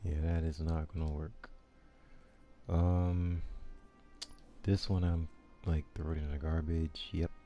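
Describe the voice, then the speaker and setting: A man's voice: rumbling low, level tone, takes it slowly, long pauses, lo-fi sound, faint music behind. A man giving casual gameplay commentary, thinking aloud with hesitant ums and restarts as he weighs his options. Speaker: gaming video creator.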